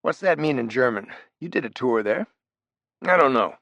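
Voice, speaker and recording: A man voicing a brash, profane, big ex-criminal in an audiobook, loud and needling, his pitch jumping up. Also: expressive, moderate pace, no echo, dull audio. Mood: incredulous. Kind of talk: audiobook character voice.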